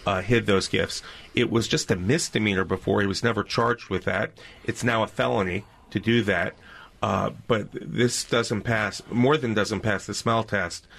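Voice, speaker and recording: A man's voice: on the low side, steady tone, moderate pace, creaky, fairly bright tone. A man appearing as a guest on a radio panel, a former senator who speaks hesitantly, starting over often. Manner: hesitant, many fillers and restarts.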